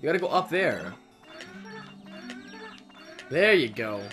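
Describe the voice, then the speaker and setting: A man's voice: on the high side, very animated, slow pace, a bit bright. A young man co-hosting a let's play, joking crudely and cursing freely over game music. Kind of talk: casual gaming banter. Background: video game music.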